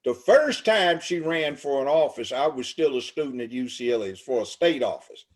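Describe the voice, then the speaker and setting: A man's voice: medium pitch, animated, normal speed. An older man from Los Angeles, talking as an interview guest in an emphatic, preachy way with long lists. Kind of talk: casual interview talk.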